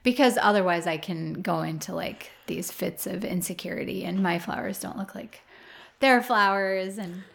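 A woman's voice: mid-range voice, normal speed, vocal fry. A woman flower farmer talking through her thoughts in a casual interview, rambling with many fillers.

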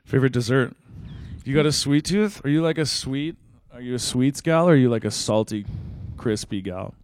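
A man hosting a casual interview, joking and swearing freely while firing off quick questions. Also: medium pitch, darkish tone, dry recording. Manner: loose, profane banter with quick questions. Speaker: podcast host.

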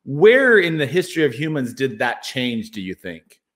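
A man's voice: medium pitch, sing-song, moderate pace, a bit bright. A man hosting a podcast, thinking aloud as he talks and poking fun at himself for rambling. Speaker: podcast host. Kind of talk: casual conversational interview.

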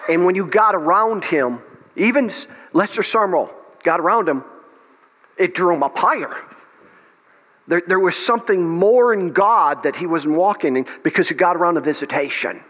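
A man's voice: high voice, animated, moderate pace, a bit bright. A male pastor at a revival meeting, preaching and praying with passion and stopping to restart his words. A long echo trails each phrase, as in a big church hall. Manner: impassioned, restarts often, prays aloud. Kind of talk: revival meeting sermon and prayer.

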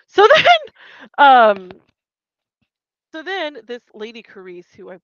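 A woman's voice: fairly high pitch, takes it slowly, long pauses, smooth, no echo. A woman co-hosting a podcast, chatting casually through a recap and acting out the characters' lines with some swearing. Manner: animated, acts out quotes, swears casually. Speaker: podcast co-host. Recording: dull muffled mic.

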